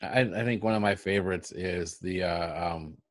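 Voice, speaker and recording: A male radio host, interviewing a guest in a halting, enthusiastic way. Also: low voice, steady tone, no room sound. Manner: enthusiastic, halting, lots of fillers. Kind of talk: casual interview.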